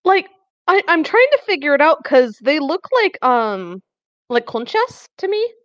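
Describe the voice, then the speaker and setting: A woman's voice: high voice, very animated, unhurried, a bit bright, dry recording, muffled recording. A woman co-hosting a podcast in casual chat, rambling with lots of fillers and wry complaints. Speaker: podcast co-host.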